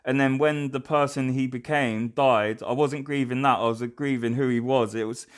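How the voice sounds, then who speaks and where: Young man, reaction host, hesitant and rambling, smooth clean tone. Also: medium pitch, fairly even intonation, moderate pace. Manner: rambling, hesitant, many fillers and restarts. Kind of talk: casual reaction commentary.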